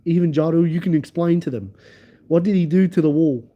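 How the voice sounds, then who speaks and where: A man hosting a livestream, telling a rambling story in an excitable way and talking directly to his viewers. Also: fairly high pitch, brisk, dull audio. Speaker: livestream host.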